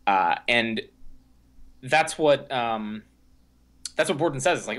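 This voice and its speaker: A man's voice: fairly low pitch, lively intonation, measured pace, pauses often, pushed and bright. A young man co-hosting a podcast, recapping a film in a rambling, casual way with lots of fillers and restarts. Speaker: podcast co-host. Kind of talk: casual movie discussion.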